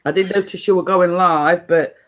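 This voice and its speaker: A woman's voice: fairly low pitch, steady tone, moderate pace. A Northern English woman hosting a casual home live stream, chatting in long, rambling stories full of dialect phrasing.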